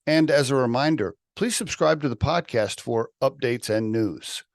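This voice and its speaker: A male podcast host introduces and questions his guest in an upbeat, chatty manner. His voice sits at an average pitch and is recorded dry and close, with no room echo. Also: moderate pace. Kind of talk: casual podcast hosting.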